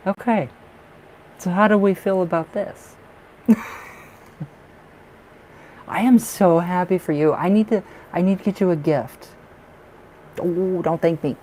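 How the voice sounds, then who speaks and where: A man doing a live tarot reading, chatty and excitable, who laughs often and fills his talk with restarts. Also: high voice, unhurried, pauses often, a little hiss or hum, low-quality recording. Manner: chatty, with many fillers and restarts. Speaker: tarot reader.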